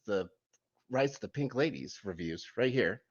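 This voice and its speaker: A man's voice: lowish voice, animated, normal speed, muffled recording. A man co-hosting a casual TV review podcast, rambling loosely and trailing off with vague fillers. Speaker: podcast co-host.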